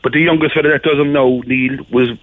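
A man's voice: mid-range voice, steady tone, fast talker. A man with a Cork accent, calling in to a radio show, chatting casually and rambling with lots of fillers. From Ireland. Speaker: caller. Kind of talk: casual chat. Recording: tinny phone line.

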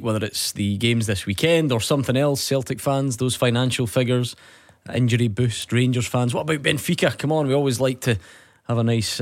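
A man hosting a sports radio phone-in, brisk and teasing with callers. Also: mid-range voice, no room sound. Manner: brisk, teasing, tongue-in-cheek.

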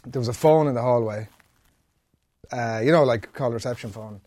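Bloke on a podcast, dry close sound, blunt and a bit sweary. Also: male voice, medium pitch, moderate pace, warm tone, no room sound. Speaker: podcast co-host. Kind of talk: casual chat.

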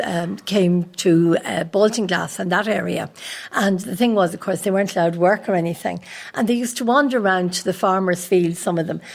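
A woman, a journalist on a radio panel, speaking in a measured, reflective way. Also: lowish voice, creaky, darkish tone.

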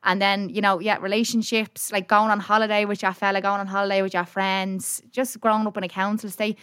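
Fast-talking Dublin woman comedian. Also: medium pitch, flat delivery, a bit bright, clean tone, no echo, clean studio sound. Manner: chatty storyteller, quick and frank, peppered with swearing. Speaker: stand-up comedian. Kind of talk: casual interview chat.

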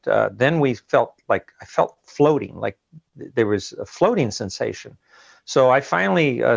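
A man as an interview guest, recounting an ordeal in an earnest, halting way and often repeating words, heard over a dull remote line. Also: medium pitch, gravelly, no room sound. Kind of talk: emotional interview account.

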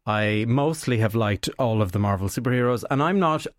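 A man's voice: mid-range voice, lively intonation, a little fast, no room sound. Man reviewing films, dry sound. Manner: rambling, conversational. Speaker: film critic guest. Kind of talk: casual radio chat.

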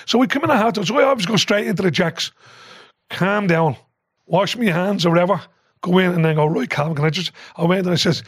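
An older Irish man, a former football manager and podcast guest, telling animated, sweary stories and acting out the shouting. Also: high voice, fast, breathy edge, no echo, clean studio sound. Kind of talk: casual storytelling chat.

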